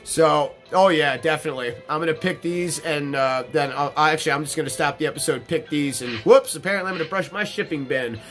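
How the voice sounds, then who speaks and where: A man's voice: fairly high pitch, a little fast, hardly any pauses, fairly bright tone, soft background music. A man commentating on gameplay in a casual, rambling way, swearing freely and filling his talk with ums and restarts. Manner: rambling and profane, with many fillers and restarts. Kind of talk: casual let's-play storytelling.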